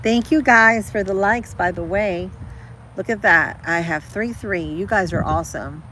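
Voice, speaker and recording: A woman's voice: medium pitch, measured pace, bright, forceful tone, a little hiss or hum, low-quality recording. A woman chatting casually with her livestream viewers, rambling and calling them girl and guys. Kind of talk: casual live chat.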